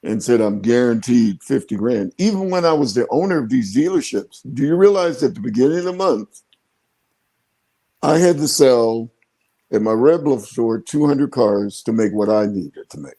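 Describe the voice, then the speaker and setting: A man's voice: mid-range voice, expressive, normal speed, dark tone. A man in his seventies, a veteran car dealer, telling stories and giving advice in folksy, colloquial casual talk. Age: 70s.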